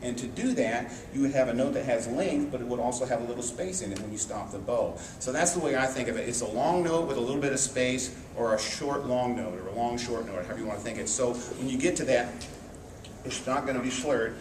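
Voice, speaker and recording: A man's voice: mid-range voice, fast, hardly any pauses. Male band teacher, easygoing explainer, distant mic, echoey noisy room. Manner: relaxed explanatory, sings phrases on syllables. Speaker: trumpet teacher. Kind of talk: music lesson explaining an etude.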